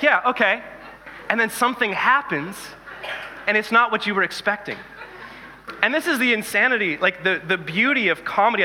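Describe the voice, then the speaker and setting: Bright-voiced male preacher in a reverberant hall. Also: high voice, a little hiss or hum. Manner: conversational, animated storytelling with jokes. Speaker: pastor. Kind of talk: sermon.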